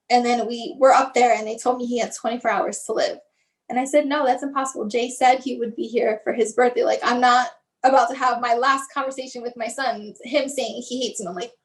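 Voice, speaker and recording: High-voiced woman telling a painful story. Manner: halting, restarts often, fills with "like"; acts out others' lines in her retelling. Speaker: guest, bereaved mother. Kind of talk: emotional personal storytelling.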